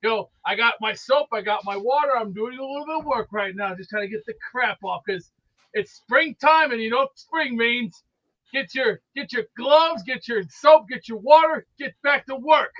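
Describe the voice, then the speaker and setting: A man calling in to a sports show, talking in gruff, mock-annoyed bluster about being busy working. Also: very high-pitched, moderate pace, fairly bright tone, lo-fi sound. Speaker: regular caller. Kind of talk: joking banter on a video call.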